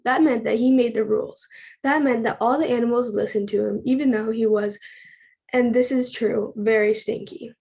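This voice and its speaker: Woman, storybook read-aloud, husky, mellow tone, earnest pacing. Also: on the high side, fairly even intonation, moderate pace. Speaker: class member reading a story at a church service. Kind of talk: storybook reading.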